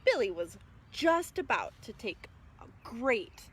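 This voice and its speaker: A woman's voice: on the high side, sing-song, takes it slowly, husky. A woman hosting a children's storytime outdoors, singing and reading in a cheerful sing-song manner, recorded on a phone resting on a small table. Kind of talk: live storytime with songs and picture-book reading.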